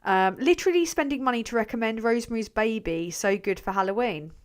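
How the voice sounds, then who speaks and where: A woman's voice: on the high side, lively intonation, fairly quick, smooth. A young English woman chats loosely on her livestream. She drifts from topic to topic, swears without a second thought and laughs easily while she answers her viewers. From England. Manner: swears freely, rambling, laughs often. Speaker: channel host reading live chat. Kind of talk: casual livestream chat.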